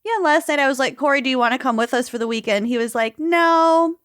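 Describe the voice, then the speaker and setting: Bubbly woman podcast co-host, fairly high. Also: racing, a bit bright. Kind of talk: casual chat and read sponsor ad.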